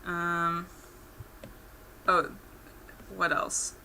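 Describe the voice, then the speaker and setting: Young female streamer, bright tone, casual rambling chat while drawing. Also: fairly low pitch, little pitch movement, extremely slow, smooth. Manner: rambling, lots of "like" fillers, laughs through stories. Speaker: art streamer.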